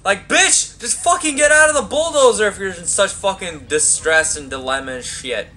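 A young man riffs through a game playthrough in a lively, swooping voice, his tone bright and a touch high. He rambles, swears constantly and trash-talks with crude relish while faint game music plays underneath. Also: normal speed. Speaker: gameplay commentator. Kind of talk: let's play commentary.

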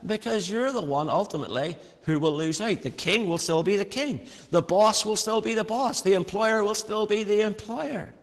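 Male preacher, high voice, earnest storyteller, long hall reverb. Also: normal speed, hardly any pauses. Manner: earnest, storytelling, varied emphasis. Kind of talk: sermon with personal story.

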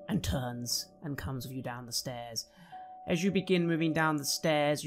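A man narrating a tabletop horror game as game master, slow and dramatic. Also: fairly high pitch, creaky.

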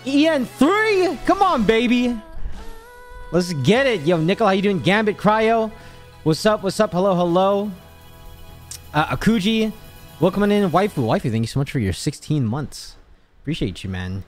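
Animated high-voiced male streamer. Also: normal speed, soft background music. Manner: animated, swearing, exasperated rants. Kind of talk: casual livestream chat.

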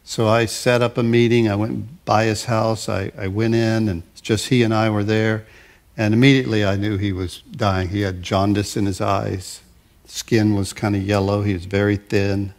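An older man, a pastor, preaching a sermon in a conversational way, often repeating and restarting his words and slowing to stress lists of phrases. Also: fairly low pitch, little pitch movement.

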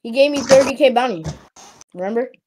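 A woman streaming her game and chatting with friends, excitable, teasing and slangy. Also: on the high side, a little fast, a little hiss or hum. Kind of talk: casual gaming chat.

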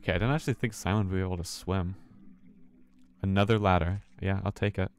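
Low-voiced man muttering through a horror game. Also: fairly even intonation, quick pace, clean tone. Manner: talks to himself, swears, laughs nervously. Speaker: streamer playing a horror game. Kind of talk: casual let's-play commentary.

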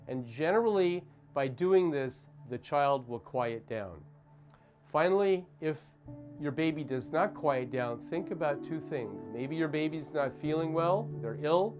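A man working as a pediatrician, giving a calm, gentle, step-by-step demonstration in a clinic consultation room. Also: a little high. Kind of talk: instructional demonstration.

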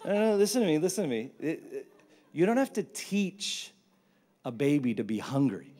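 A pastor in his thirties delivers a sermon, telling stories with lively humor. His voice sits on the higher side for a man, and he swings between punchy jokes and quieter points. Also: normal speed. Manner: animated, humorous storytelling.

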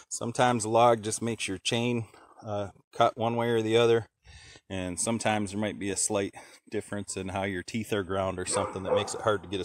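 This man's voice sits on the low side, with background noise in the recording. He's a homesteader at an outdoor log pile, casually narrating how he works his sawmill and thinking aloud with many fillers.

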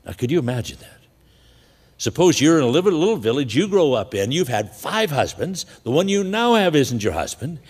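A man's voice: a little high, very animated, brisk, husky, long reverb tail. A man preaching a sermon in a conversational storytelling way, chuckling now and then. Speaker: pastor.

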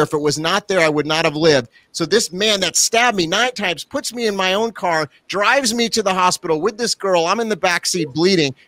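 A man in his forties, a pastor telling his personal testimony as an interview guest, animated and quick with asides. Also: fairly high pitch, no echo. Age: 40s. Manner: animated storyteller, quick asides, laughs easily.

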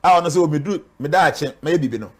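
A man's voice: fairly high pitch, very fast, slightly rough. Earnest Ghanaian man warning about words. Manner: earnest and preaching, with repeated warnings. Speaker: spiritual guest speaker. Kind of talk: interview talk mixing Twi and English.

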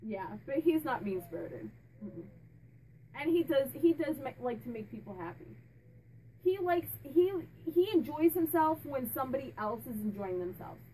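A woman's voice: high-pitched, very animated, normal speed, dark tone, distant mic, a little hiss or hum, low-quality recording. A woman speaking as a medium, chatting casually and relaying what a spirit tells her, with many restarts and fillers. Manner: laughs and jokes with the spirit. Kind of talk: casual channeling talk to camera.

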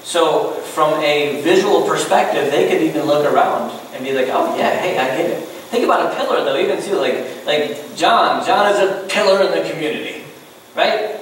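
Male pastor, high voice, casual questioning sermon, booming church echo, a little off-mic. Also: normal speed. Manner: conversational, asks the room many questions. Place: church sanctuary. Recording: very echoey hall, voice a bit distant, faint noise.

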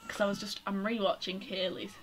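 A woman's voice: mid-range voice, flat delivery, brisk. A woman commentating a life-simulation game, chatty and flustered, scolding her game characters. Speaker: gaming YouTuber. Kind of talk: casual let's-play commentary. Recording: background noise.

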